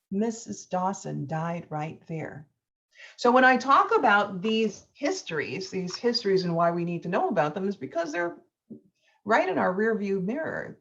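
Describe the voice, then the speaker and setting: A woman's voice: mid-range voice, big pitch swings, unhurried, muffled recording. A woman law professor giving an impassioned lecture, telling a story with rising emphasis.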